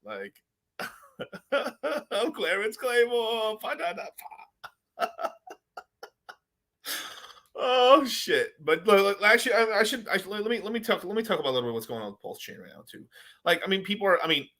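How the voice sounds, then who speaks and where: A man's voice: sits high, big pitch swings, brisk, long pauses, bright, forceful tone. A man hosting his own crypto video, rambling in a loose, profane rant with lots of swearing and laughter. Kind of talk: casual profane rant to camera.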